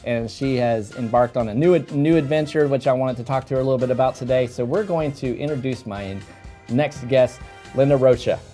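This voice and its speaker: A man's voice: mid-range voice, a little fast, warm tone. A man hosting a casual interview show, jokey and self-deprecating. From Florida. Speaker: host. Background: faint background music.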